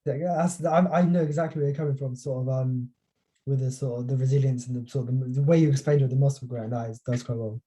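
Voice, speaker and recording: A young man, a student, talking candidly and self-deprecatingly about himself in a coaching session, with halting starts. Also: mid-range voice, fairly even intonation, warm tone, slight background noise. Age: young adult.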